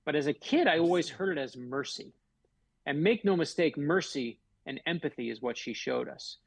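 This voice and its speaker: A middle-aged man from Florida tells heartfelt stories as a guest on a radio show. His voice is gravelly and husky, and he leans hard on the big lines. The sound is close and dry. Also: on the high side, a little fast, dry recording. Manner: heartfelt, emphatic, builds stories to a punch. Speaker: author guest. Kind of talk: earnest storytelling in a radio interview.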